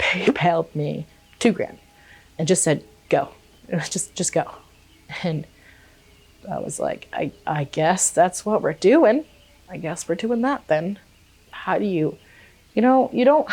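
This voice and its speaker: A young woman vlogger telling a personal story in a casual way, animated and swearing freely, acting out quotes. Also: fairly low pitch.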